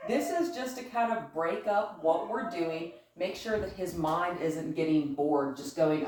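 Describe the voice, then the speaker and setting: Chatty low-voiced woman training a dog. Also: a little slow, few pauses, a little mellow, slight background noise. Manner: chatty, upbeat, often praising the dog. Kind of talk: casual training demonstration. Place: living room at home with a couch. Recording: echoey room from far off.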